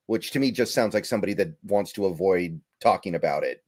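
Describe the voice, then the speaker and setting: Low-voiced man, stammering. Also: normal speed, hardly any pauses, darkish tone. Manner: thoughtful, stammering restarts. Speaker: podcast host. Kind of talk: casual sports talk stream.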